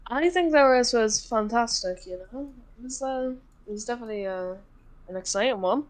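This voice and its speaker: A woman's voice: a little high, expressive, moderate pace. A woman co-commentating an online sim-racing league race in a casual, easygoing way. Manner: casual, agreeable, laughs easily.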